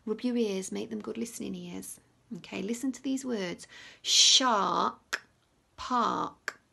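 A woman teacher reading a picture book aloud to young children, lively, with hushed whispered asides. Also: mid-range voice, moderate pace, creaky, slightly rough.

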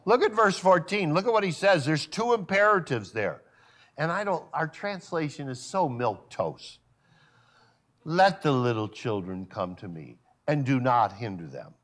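A male pastor preaching a sermon at a church service, full of rhetorical questions and sudden drops to a hushed voice. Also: on the high side, lively intonation, normal speed.

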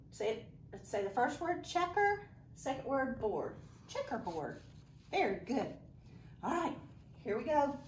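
A woman teacher walks through a phonics lesson, spelling out letters slowly and praising each student by name. Her pitch rises and falls a lot as she encourages them. The room is echoey, with a faint hiss underneath. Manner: slow, deliberate letter-by-letter spelling.

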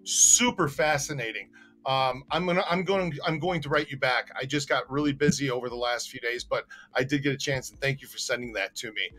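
A man's voice: medium pitch, fairly quick, sharp tone. A man hosting a live stream, chatting and reading viewer comments aloud, often stumbling over names. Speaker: host.

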